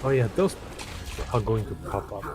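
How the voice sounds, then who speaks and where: A man's voice: on the low side, expressive, normal speed, noisy background. Hesitant man with a German accent. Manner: thoughtful, hesitant, many uhs. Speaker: gamer. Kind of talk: casual gaming chat.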